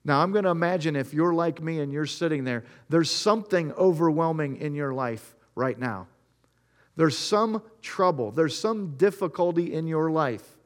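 A pastor with a voice on the high side preaches a sermon at a moderate pace. He retells Bible stories, acting out the scenes in quoted voices, and speaks earnestly and directly to his listeners.

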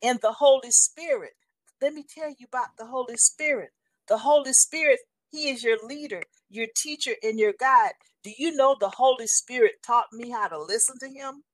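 A woman in her sixties sharing a faith testimony in a casual, animated and emphatic way, often calling the listener honey. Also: on the high side, normal speed, dry recording. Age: 60s.

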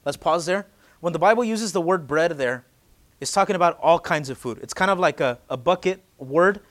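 A pastor in his late twenties preaching with a slightly high voice. He keeps it conversational and joking, then pushes into loud, urgent emphasis on key lines. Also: lively intonation, normal speed. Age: late 20s. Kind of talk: sermon.

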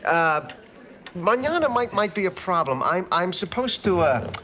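An actor playing a neurotic, excitable middle-aged man in a sitcom, whiny and stammering. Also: high voice, a little slow, a little hiss or hum, full character voice. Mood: eager. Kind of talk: sitcom acting. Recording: TV clip with background ambience.

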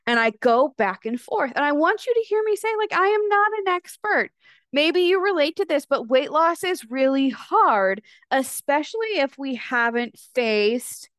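A woman's voice: on the high side, fairly bright tone, no echo, clean studio sound. A woman in her thirties hosting her own podcast, talking candidly in a chatty confessional way and swearing freely. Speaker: podcast host. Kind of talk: casual confessional podcast monologue.

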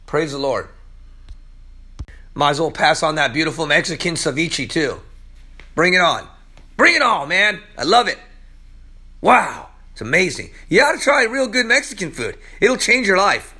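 A man preaching a casual, energetic sermon as pastor, hoarse from allergies, chatty and excitable, laughing often and calling people "man". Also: fairly high pitch.

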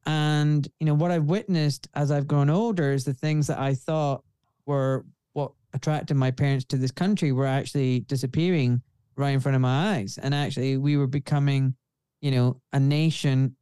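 A man's voice: mid-range voice, fairly even intonation, moderate pace, warm tone, clear, resonant tone, no room sound. A man in his forties with a refined Scottish accent, a guest speaking earnestly and outspokenly in a casual interview. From Scotland. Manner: earnest, outspoken, frequent "you know". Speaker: guest, surgeon.

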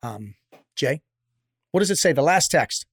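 A man co-hosting a podcast, talking with energetic, joking banter and pep-talk lines. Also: on the high side, a little slow, breathy edge, dry recording, studio quality. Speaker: podcast co-host, former Navy SEAL.

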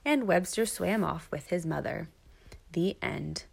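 Woman storyteller for a kids' book reading; gentle, unhurried delivery. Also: on the low side, creaky, breathy edge. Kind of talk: children's picture book read-aloud.

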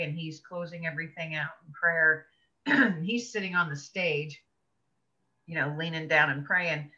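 On dull lo-fi audio, a woman author shares personal stories as an interview guest, her voice low yet very bright and piercing. She's an earnest, expressive storyteller who laughs between thoughts.

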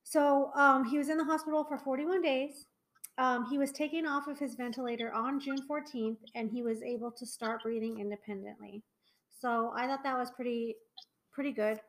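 Young woman, high voice, rambly podcast cohost, lots of ums and likes. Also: fairly even intonation, moderate pace, poor audio. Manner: chatty, many fillers and trailing restarts. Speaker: podcast co-host. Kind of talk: casual chat.

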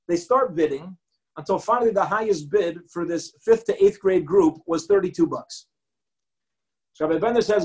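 A man, a rabbi, giving a Torah lecture as an animated storyteller who acts out the quotes and mixes in Hebrew and Yiddish terms. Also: sits high, normal speed, poor audio.

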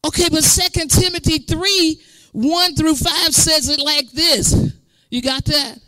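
Woman pastor, emphatic sermon delivery with sung and shouted lines, close and dry sound. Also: high-pitched, steady tone, measured pace, no echo. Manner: emphatic, call-and-response preaching; drifts into sung, shouted phrases.

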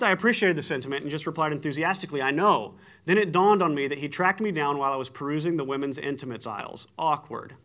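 A man preaching a sermon, telling stories with animated swings in voice. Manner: animated storytelling, acts out shouting with big jumps in pitch. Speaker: pastor.

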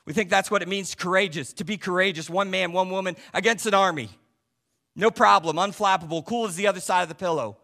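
Male pastor, sermon, fairly high voice, punchy emphasis, frequent rhetorical questions, drops low and soft for asides. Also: fast talker, gravelly. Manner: swings between loud stresses and quiet low asides.

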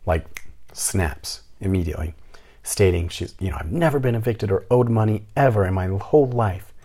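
A man's voice: sits low, mellow, breathy edge. A young man telling a story about a rental applicant, full of sarcastic, mocking asides. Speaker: landlord telling a tenant story. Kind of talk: casual storytelling rant.

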